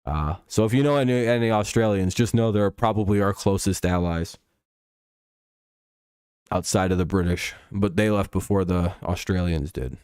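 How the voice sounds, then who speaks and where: A man's voice: low voice, fairly even intonation, normal speed, a little mellow, smooth, dry recording, studio quality. A man hosting a casual live stream, rambling and swearing freely, with chuckles and frequent restarts. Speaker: stream host.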